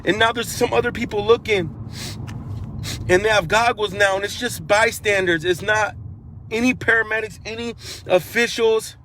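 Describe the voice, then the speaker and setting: A man's voice: high-pitched, steady tone, normal speed, bright, forceful tone, slight background noise. Earnest man retelling a rescue. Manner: earnest, repetitive, grows urgent while retelling; repeats phrases and restarts. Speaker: eyewitness. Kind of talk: emotional first-person recounting.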